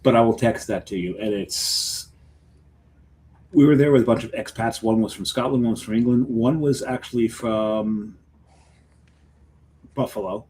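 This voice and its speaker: A man's voice: lowish voice, normal speed, long pauses, darkish tone, slight background noise, poor audio. A man co-hosting a beer podcast in casual chat, rambling and trailing off mid-sentence. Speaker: podcast co-host.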